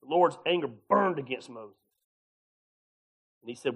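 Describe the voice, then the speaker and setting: A male pastor preaching a sermon in a folksy, animated way, laughing often and acting out different voices. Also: medium pitch, a little slow, gravelly, long pauses, husky. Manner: animated preaching, acts out voices of God and Moses.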